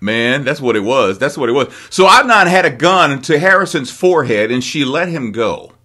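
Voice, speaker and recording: A man hosting a casual TV recap chat, laid-back and halting, with lots of fillers. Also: mid-range voice, very animated, bright, forceful tone. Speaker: podcast host.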